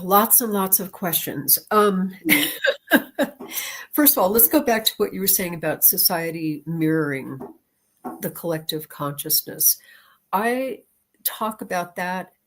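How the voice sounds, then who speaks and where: A woman who teaches and lectures, talking as an interview guest, telling a personal story in an animated way and laughing often. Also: fairly low pitch, moderate pace.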